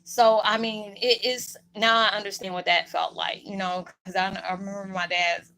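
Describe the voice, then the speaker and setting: This woman is a spiritual vlogger addressing her viewers in a rambling, heartfelt monologue, clearly emotional and holding back tears. She has a medium-pitched, bright, forceful voice with flat delivery at a moderate pace, and the recording quality is low.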